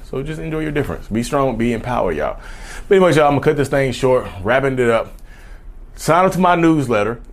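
A man talking casually to camera in a vlog, animated, addressing viewers as "y'all" and slipping into mocking voices. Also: mid-range voice. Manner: loose conversational speech, says "y'all" often. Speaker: YouTube host.

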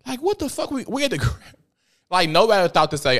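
Animated, profane man chatting. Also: fast. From Memphis, Tennessee. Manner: animated, profane storytelling with sudden high-pitched outbursts. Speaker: podcast host. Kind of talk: casual profane chat.

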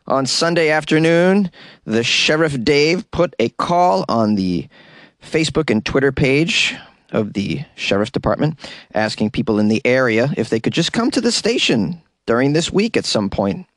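A man's voice: a little high, no echo, clean studio sound. A man hosting a comedic news podcast from a closet, joking in asides as he reads stories. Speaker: podcast host. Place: closet in a home.

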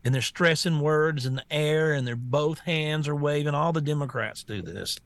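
Gravelly, mocking male talk-show co-host. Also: on the high side, normal speed. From rural area. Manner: blunt, mocking, rambling with restarts. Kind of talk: casual political talk show banter.

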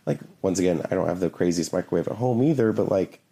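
A man's voice: deep voice, dark tone, husky. A man in casual conversation who teases and challenges the other speaker. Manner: teasing, quick to challenge. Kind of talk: casual banter.

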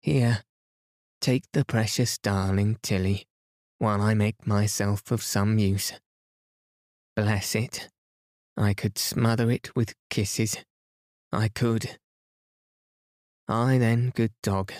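A man voicing a cheerful young wife and mother in a bedtime story reading, lively and affectionate, only slightly lifting his voice. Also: fairly low pitch, slow, pauses often, no echo, studio quality. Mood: bustling, doting.

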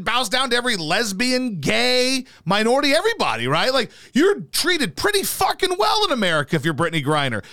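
A man's voice: extremely high pitch, bright, forceful tone, no room sound. A man in his thirties hosting a casual podcast, ranting emphatically and swearing a lot. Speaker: podcast host. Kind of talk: casual opinionated chat.

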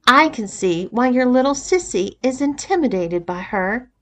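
A woman's voice: a little high, animated, normal speed, close to an everyday voice. A woman reading the part of a blunt young woman who teases eagerly. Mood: teasing.

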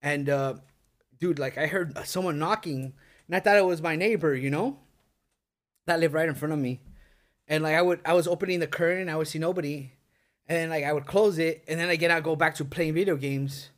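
A middle-aged podcast co-host tells a spooky story to friends in an indoor podcast setup, his voice fairly high and a little fast. He rambles and swears, peppering it all with "like" and "dude."

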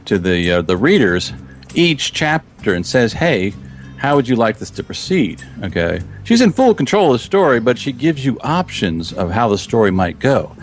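A man's voice: medium pitch, very animated, normal speed, faint music behind. A man chatting as a podcast guest about his video projects in a casual, rambling way, often restarting sentences and chuckling.

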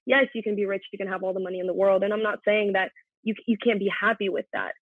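A woman's voice: mid-range voice, steady tone, quick pace, breathy edge, dry recording. A woman in her twenties, a podcast guest, talking in an earnest, reflective way, working through her feelings openly in casual conversation. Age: 20s. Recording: tinny phone-like line, dry.

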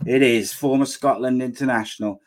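A man's voice: medium pitch, steady tone, brisk. A man with a Welsh accent hosting a podcast, rambling and joking playfully. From Wales. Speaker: podcast host.

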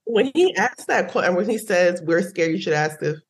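A woman's voice: fairly low pitch, expressive, normal speed. Woman, podcast guest, casual chat, earnest, conversational. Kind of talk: casual chat reviewing music.

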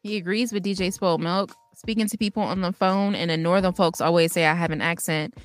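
A woman's voice: lowish voice, steady tone, a little fast, faint music behind. A young woman with a Chicago accent, co-hosting a live talk show in a playful, laughing, emphatic way. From Chicago, USA. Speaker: co-host. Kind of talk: casual chat.

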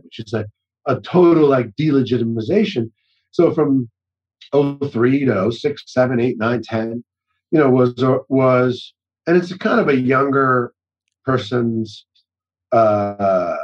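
A man's voice: medium pitch, unhurried, slightly rough, dull audio. A middle-aged man talking as a guest in a casual conversation, rambling and often restarting his sentences. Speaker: actor-director guest.

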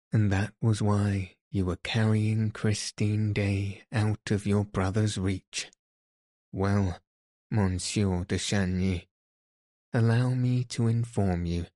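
A man's voice: lowish voice, darkish tone, no room sound, studio quality. A man voicing a smug, self-satisfied police commissary who questions and lectures in a pointed way.

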